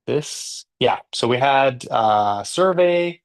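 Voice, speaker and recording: Gravelly-voiced Canadian man, chatty teacher. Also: mid-range voice, animated, slow pace. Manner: chatty, joking, self-deprecating. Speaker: English teacher. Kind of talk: casual live class talk.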